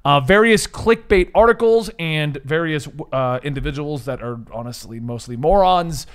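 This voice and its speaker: A man hosting a casual comics podcast, talking in a lively, joking, enthusiastic way. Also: a little high, normal speed, clear, resonant tone. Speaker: podcast host.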